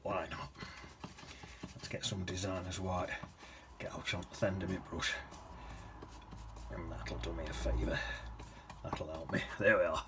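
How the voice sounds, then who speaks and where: A man's voice: low-pitched, level tone, a little slow, long pauses, background noise. A man teaching watercolour, chatting casually and often dropping to a whisper as he paints. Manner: chatty, drifts into soft whispers and hums while painting.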